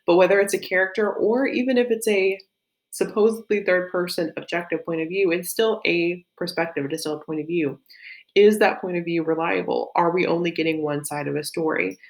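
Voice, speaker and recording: A woman's voice: on the low side, fairly even intonation, a little fast. A woman with a light Southern US accent, teaching a literature lesson in a chatty, think-aloud way with frequent fillers and self-corrections. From Southern United States. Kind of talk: recorded classroom lesson.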